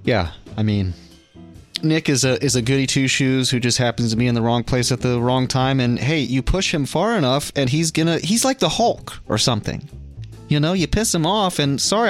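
A man's voice: medium pitch, expressive, moderate pace. Man, podcast host, sarcastic movie recap, faint music behind. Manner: sarcastic, jokey recap with mock quotes. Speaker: podcast host reviewing a film. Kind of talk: casual chat.

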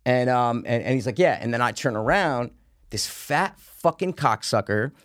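A young man telling a story in casual chat, swearing freely and acting out the shouted lines at a raised volume. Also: mid-range voice, normal speed, dry recording, studio quality. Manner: profane, acts out quotes loudly with a raised voice.

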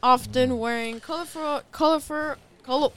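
A woman's voice: high voice, normal speed. A woman reading out prepared facts in a comedy bit, giggling and stumbling over her words.

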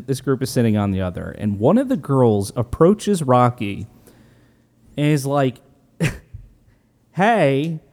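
A man's voice: mid-range voice, a little mellow. A man in casual chat, recounting a film scene hesitantly, with many fillers and restarts.

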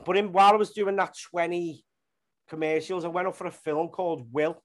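A man tells rambling stories in a relaxed interview. He swears freely and keeps the tale moving. His voice sits a little high for a man. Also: a little fast. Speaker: actor and comedian guest. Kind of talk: casual interview chat.

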